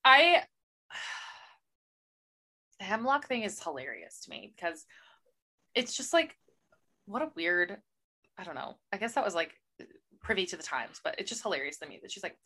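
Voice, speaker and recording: A woman's voice: mid-range voice, very animated, normal speed, long pauses, sharp tone. A young woman co-hosting a casual book podcast, giving exasperated, sarcastic commentary and playing out mock dialogue. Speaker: podcast co-host. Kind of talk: casual chat about books.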